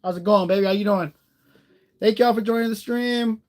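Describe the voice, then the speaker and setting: Male streamer, relaxed and rambling, talks straight to his chat. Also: sits high, normal speed. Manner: chatty, rambling, greets viewers by name; warm-hearted, encouraging. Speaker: live streamer. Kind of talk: casual live-stream chat.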